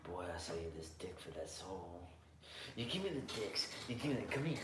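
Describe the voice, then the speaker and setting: A man voicing a creepy old southern swamp man with a low, drawling put-on Southern accent. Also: very animated, fairly quick, reverberant, noisy background. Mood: menacing.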